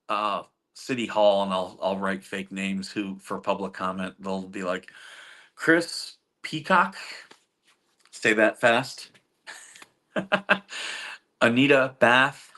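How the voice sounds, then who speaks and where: Reading chat on his livestream, a middle-aged man with a lowish, slightly bright voice takes things slowly. He chats casually with viewers, rambling through stories and chuckling often amid fillers.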